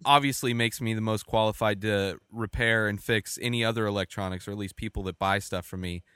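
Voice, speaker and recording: A man's voice: lowish voice, fairly even intonation, brisk, bright, forceful tone, clear, resonant tone, no room sound, studio quality. A man in a casual chat, rambling with fillers and frequent swearing.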